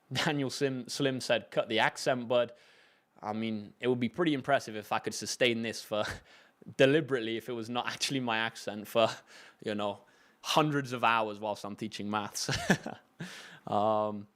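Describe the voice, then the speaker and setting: A young man with a British English accent chats through viewer questions on a maths tutoring livestream. His talk is loose and friendly, with frequent fillers and self-corrections. He sounds like a relaxed tutor at ease with his audience. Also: medium pitch. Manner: relaxed, chatty, many fillers and restarts. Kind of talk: casual livestream Q&A.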